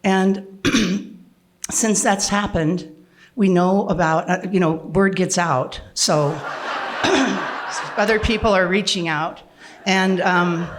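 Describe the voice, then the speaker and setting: An older woman telling a personal story to an audience, with frequent restarts and throat clearing. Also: mid-range voice, slight background noise.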